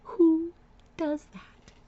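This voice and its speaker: A woman's voice: extremely high pitch, level tone, extremely slow, dull audio. A woman vlogger candidly telling a painful family story, with nervous laughs and repeated words. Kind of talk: personal storytelling vlog.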